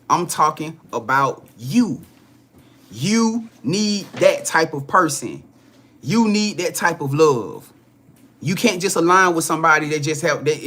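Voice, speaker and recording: Casting: man, high bright voice, chatty live-stream card reader, loose and profane, keeps checking in with viewers. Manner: repetitive, profane, chatty, laughs often; talks straight to viewers. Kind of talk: casual live-stream reading.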